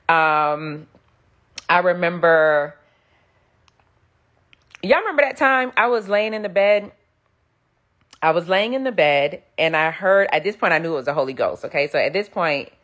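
A middle-aged woman preacher giving an animated testimony, acting out the voices she quotes. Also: lowish voice, a little slow, pauses often. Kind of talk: sermon-style storytelling.

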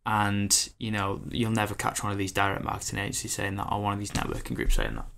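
A man in his twenties hosting a podcast, rambling in an animated, casual way with lots of fillers and acted-out quotes. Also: fairly low pitch, quick pace, creaky, slight background noise. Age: 20s. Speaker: podcast host.

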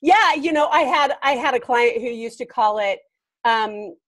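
A woman life coach talking as a guest on a casual podcast interview, animated and emphatic. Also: a little high, normal speed. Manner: animated and emphatic, laughing often.

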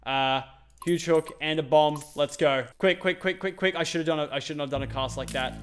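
A young man with an Australian accent giving excitable let's-play commentary, shouting and groaning at the game and talking to himself. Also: on the high side, moderate pace, faint music behind. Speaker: gaming channel host.

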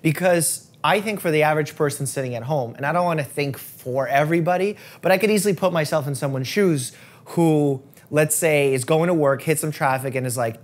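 A man's voice: a little high, brisk. A man hosting a casual interview as a doctor, asking probing questions and reasoning through hypothetical examples. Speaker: doctor and host.

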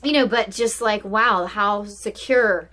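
A woman's voice: medium pitch, takes it slowly, sharp tone. A woman giving a casual self-help talk as host, chatty and full of fillers.

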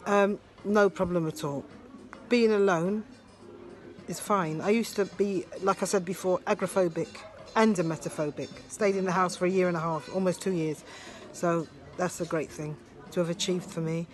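A woman in her fifties recording a personal video diary on her handheld phone, talking in a heartfelt, halting way with many fillers. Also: lowish voice, steady tone, faint music behind. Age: 50s. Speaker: video diarist. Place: ski resort and restaurant abroad.

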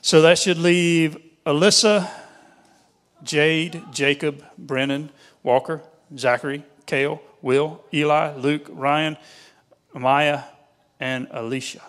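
A man's voice: on the high side, steady tone, slow, a bit bright. A man with a Southern US accent, a pastor reading out group lists to a church youth group in an upbeat, folksy way.

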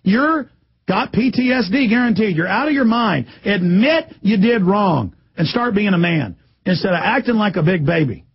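A man ranting indignantly as a radio talk show host, breaking into mocking shouts. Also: sits high, expressive, normal speed, breathy edge. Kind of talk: impassioned radio rant. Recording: dull lo-fi radio broadcast.

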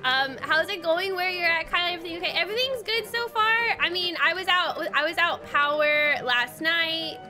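A high, bright voice from a young woman chatting with her stream while she plays. She is bubbly and giggly and fills her talk with "like". Soft game music plays faintly behind her. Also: moderate pace, few pauses. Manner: bubbly, giggly, lots of "like" fillers. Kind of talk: casual chat while livestreaming a game.

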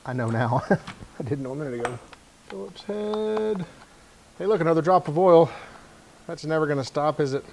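A man's voice: on the high side, fast talker, a little mellow, slight background noise. Wry man musing while he wrenches. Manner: thinking aloud, self-deprecating, wry asides. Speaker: channel host repairing a motor scooter. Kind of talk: casual narration while working. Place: home garage workshop.

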